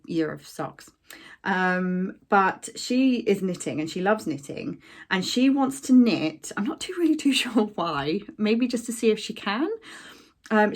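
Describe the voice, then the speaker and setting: Casting: young woman, crafting vlogger, easygoing rambling chat full of fillers. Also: medium pitch. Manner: chatty, rambling with many ums and likes. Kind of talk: casual chat.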